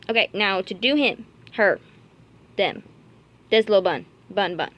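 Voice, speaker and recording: A woman's voice: fairly high pitch, unhurried, fairly bright tone. Chatty woman vlogging with her rabbits. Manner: chatty and rambling, cooing baby talk to her rabbits. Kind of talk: casual vlog chat while caring for pet rabbits.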